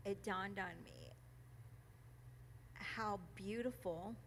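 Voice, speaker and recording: At a church gathering held in a meeting room, a woman reads a passage and reflects, emotional and quick to laugh, stumbling through many ums and restarts. Her mid-range voice is creaky and a bit bright, over a little hiss or hum.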